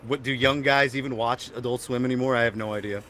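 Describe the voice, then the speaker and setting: A man's voice: mid-range voice, quick pace, slight background noise. Rambling young man hosting a podcast. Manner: rambling storyteller, animated and loud when excited. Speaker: podcast host. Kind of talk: casual chat.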